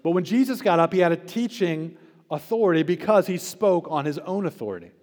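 A male pastor delivering a sermon, pressing hard on key words and then dropping to a near hush at the ends of phrases. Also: sits high, lively intonation, fairly quick. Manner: emphatic preaching, swinging between loud stresses and quiet drops. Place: church sanctuary. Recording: long church reverb.

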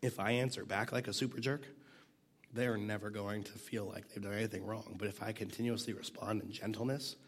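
A man with a voice on the low side, fairly even in intonation and brisk, teaches a Bible passage conversationally. He's casual and self-deprecating, fighting a cough and at times dropping to a near whisper.

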